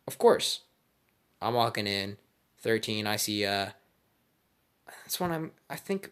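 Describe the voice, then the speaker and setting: A man casually telling a made-up fan story, crude, slangy and rambling. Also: mid-range voice.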